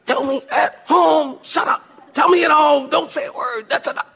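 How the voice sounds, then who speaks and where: A man voicing his exasperated wife as she hushes him in church, sharp and scolding. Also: very high voice, moderate pace, vocal fry, pitched above the performer's own voice, heavily acted. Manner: sharp, scolding, half-shouted. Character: exasperated wife hushing her husband in church.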